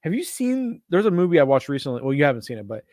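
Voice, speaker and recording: A man's voice: fairly high pitch, big pitch swings, quick pace, a little mellow, no room sound, studio quality. A man co-hosting a casual chat, crude and joking, often slipping into silly voices. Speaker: podcast co-host.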